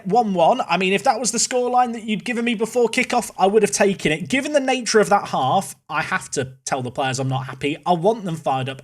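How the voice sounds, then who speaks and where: Young man, high voice, lively game commentary host. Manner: excitable play-by-play commentary. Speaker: gaming YouTuber.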